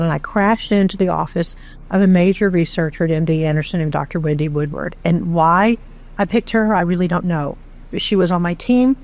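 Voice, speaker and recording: A middle-aged woman from Texas tells her own story as an interview guest, candid and animated, with a self-deprecating streak. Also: lowish voice. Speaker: charity founder, interview guest. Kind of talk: conversational storytelling.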